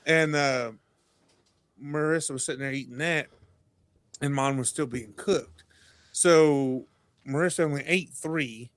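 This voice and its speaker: Male podcast guest, lively storyteller who acts out quotes, slightly high voice, dry close mic. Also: a little slow, no room sound. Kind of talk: casual chat.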